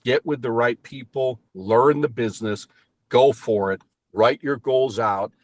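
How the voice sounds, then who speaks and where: Sitting in his car, an older payments sales team leader gives an interview about his sales work with emphatic, upbeat motivational answers. He speaks at a medium pitch, a little slowly, with a slightly mellow tone and no room sound.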